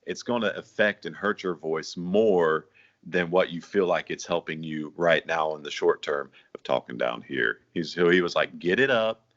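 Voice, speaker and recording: A low-pitched man hosts a relaxed chat, friendly and quick to agree. The recording has a somewhat dull tone. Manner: friendly, laughs easily, agrees often. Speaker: host, bass singer. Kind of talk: casual interview chat. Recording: dull sound.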